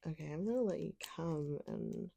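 A woman's voice: deep voice, moderate pace, gravelly, dark tone. A woman speaking in an intimate audio role-play, teasing and commanding, sometimes dropping to a whisper.

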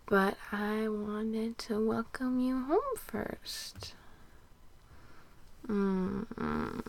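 Slow whispered role-play woman, gravelly. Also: on the high side, animated. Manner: soft, breathy, murmuring and giggly. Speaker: audio role-play performer.

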